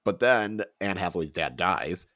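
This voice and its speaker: Very deep-voiced casual podcast man. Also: expressive, moderate pace, sharp tone, dry recording, clean studio sound. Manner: rambling, laughs often. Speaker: podcast co-host. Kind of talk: casual chat.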